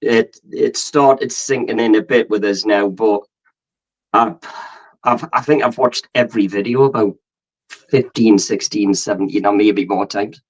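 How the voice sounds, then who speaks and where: A hoarse, hung-over man rambling as a guest on a casual video call show. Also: lowish voice, fairly even intonation, measured pace, dull audio. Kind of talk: casual chat.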